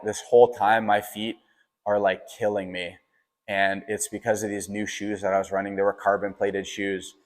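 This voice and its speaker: A young man with a deep voice tells a personal story in a casual, rambling way. He often says "like" and restarts mid-sentence, and his delivery stays fairly even. The recording carries a long, hall-like reverb. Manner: casual, fills with "like", frequent restarts. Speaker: podcast host.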